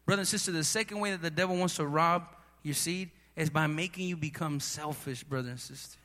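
A man preaching a sermon with rising passion, often calling out to his listeners as brother and sister, and at times shouting. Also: a little high, a little fast. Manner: impassioned preaching, building to shouts. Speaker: pastor. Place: church hall. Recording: long hall reverb.

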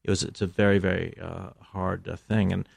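A middle-aged American man with a low, gravelly, creaky voice talks as an interview guest. He is reflective and measured, pausing often on fillers. The sound is close and dry. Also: little pitch movement, darkish tone, dry recording. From United States. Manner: measured, hesitant, many fillers. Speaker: filmmaker guest.

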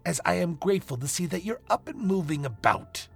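A man voicing a calm, polite male demon mentor who speaks slowly and courteously in a storybook reading. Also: high voice, vocal fry, slightly rough, faint music behind, voice pushed up, full character voice.

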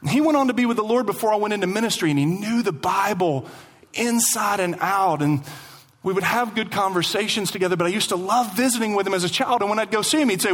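A man preaching a sermon as pastor, animated, repeating lines for emphasis and slowing down to stress his points. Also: sits high. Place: church sanctuary.

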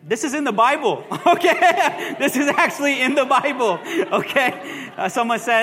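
Bright, high-voiced playful pastor, echoing hall. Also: male voice, lively intonation, normal speed. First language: bilingual. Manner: playful, jokey, asks the congregation questions; says "all right?" constantly. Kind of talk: sermon. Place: church sanctuary. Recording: long hall reverb.

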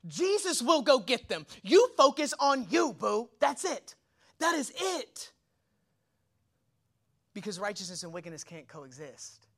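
Young male pastor, high and bright tone, casual slangy sermon delivery, lots of rhetorical questions. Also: measured pace, gravelly. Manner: energetic, colloquial preaching with slang and rhetorical questions.

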